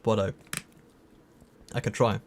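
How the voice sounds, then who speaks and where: A man's voice: on the low side, level tone, takes it slowly, a little hiss or hum. Chatty man streaming live. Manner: chatty, reacts to chat messages. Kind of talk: casual livestream chat.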